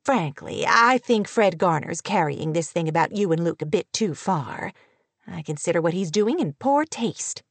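A woman doing a hushed gossipy older teacher. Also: on the low side, animated, normal speed, no room sound. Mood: hushed confiding.

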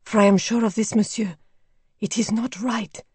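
A woman voicing an elderly French housekeeper who speaks in hushed, fearful tones in a storybook reading. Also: mid-range voice, animated, normal speed, gravelly, slightly rough, no echo, full character voice. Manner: hushed, superstitious, awed.

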